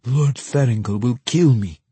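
A man's voice: medium pitch, unhurried, dark tone, slightly rough, dry recording, pitched above the performer's own voice. A man voicing a sly young man who is easily rattled. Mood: alarmed. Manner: sly, then agitated.

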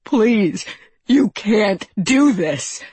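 A woman's voice: medium pitch, expressive, extremely slow, darkish tone, slightly rough, dry recording, voice pushed up, exaggerated voice. A woman voicing a terrified grown man begging for his life in a shuddering, pleading voice. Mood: desperate pleading.

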